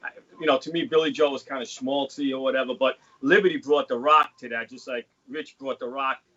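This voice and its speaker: Male guest, mid pitch, rambling casual chat, dull video call audio. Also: steady tone, a little fast, sharp tone. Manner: rambling, lots of you know. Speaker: guest drummer.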